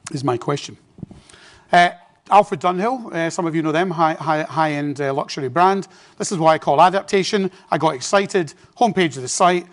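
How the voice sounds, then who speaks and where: A British man in his forties with an English accent, giving a chatty business presentation with asides to the audience in a conference hall. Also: fairly high pitch. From Britain. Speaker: conference speaker.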